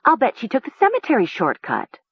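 A woman voicing a frightened teenage girl who speaks in a hushed, pleading way. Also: a little high, wildly swooping pitch, brisk, breathy edge, dry recording, lo-fi sound, pitched above the performer's own voice, exaggerated voice. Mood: uneasy.

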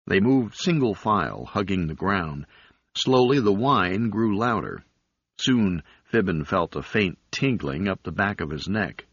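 A man narrating an audiobook in a measured, even reading. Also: low voice, breathy edge, no room sound. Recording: dull, dry lo-fi recording.

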